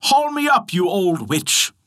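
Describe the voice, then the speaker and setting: A man's voice: fairly high pitch, wildly swooping pitch, normal speed, fairly bright tone, husky, full character voice. A man voicing a brash, greedy young soldier in a storybook tale, blunt and commanding. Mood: demanding.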